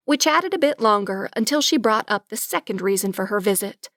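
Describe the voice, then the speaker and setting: A woman narrating a romantic comedy audiobook in first person, with wry, lively storytelling. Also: medium pitch, a little fast, no echo, studio quality.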